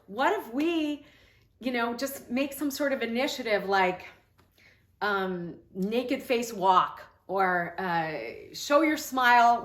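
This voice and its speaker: Earnest rambling mom in an echoey room. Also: female voice, fairly high pitch, a bit bright. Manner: earnest, rambling, many fillers and restarts. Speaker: mom and health coach sharing ideas. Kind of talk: casual talk to camera.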